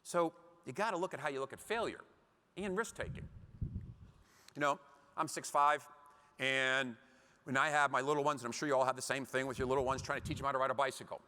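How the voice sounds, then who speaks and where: Speaking a little fast with a medium-pitched voice and long pauses, this middle-aged keynote speaker motivates a conference audience. He animates his stories by acting out small scenes, and the large hall adds long reverb.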